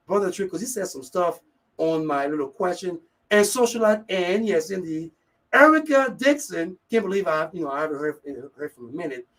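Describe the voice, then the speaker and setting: A man hosting a live radio talk show, energetic and upbeat, giving shout-outs and often repeating the same catchphrase. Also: high-pitched, recorded from a distance, poor audio. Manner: energetic, keeps repeating "yes, indeed".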